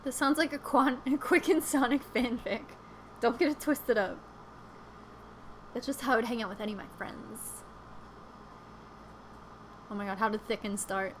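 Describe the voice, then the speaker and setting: A woman's voice: fairly high pitch, steady tone, moderate pace, long pauses, slight background noise. A young woman chatting casually on a live stream, rambling with lots of fillers and giggles.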